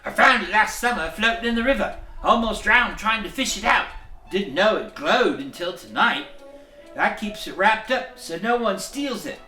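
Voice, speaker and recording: A man voicing a grumpy male troll who talks in a rough dialect and panics easily. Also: high-pitched, lively intonation, moderate pace, pitched above the performer's own voice, heavily acted. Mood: secretive. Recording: echoey room, mic at a distance, soft music.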